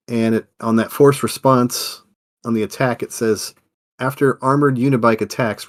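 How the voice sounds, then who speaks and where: A man co-hosting a podcast, reading game cards aloud in a matter-of-fact way with dry quips. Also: medium pitch. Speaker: podcast co-host.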